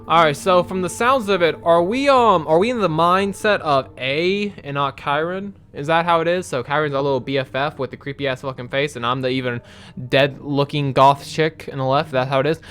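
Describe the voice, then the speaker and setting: A young man doing casual let's-play commentary, animated and rambling, swearing often as he talks. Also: a little high, fairly quick. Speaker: gaming video creator.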